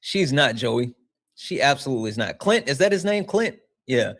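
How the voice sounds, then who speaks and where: A man's voice: medium pitch, normal speed. A man hosting a livestream, talking casually with lots of swearing and frequent laughter. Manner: profane, animated, laughing often. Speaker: livestream host.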